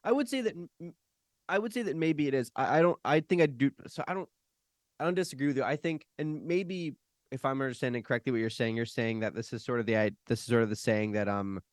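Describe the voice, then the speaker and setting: A man hosting a podcast, talking in a measured, casual way as he sums up his guest's point. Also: mid-range voice, no echo, studio quality. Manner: measured, checks his understanding. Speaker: podcast host. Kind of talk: casual chat.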